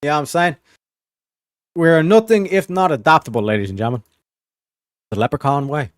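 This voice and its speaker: Male streamer, fairly high voice, loose rambly chat, dead-dry mic. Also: fairly quick, no room sound. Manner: rambling, chatty, swears freely, lots of "like". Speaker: livestream host. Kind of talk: casual livestream chat.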